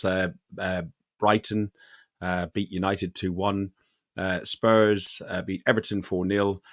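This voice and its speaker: Guy hosting a podcast, lowish voice, rambly chatty with lots of ums, dry close sound. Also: no echo. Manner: rambling, chatty, with many fillers and restarts. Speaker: podcast host. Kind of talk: casual chat.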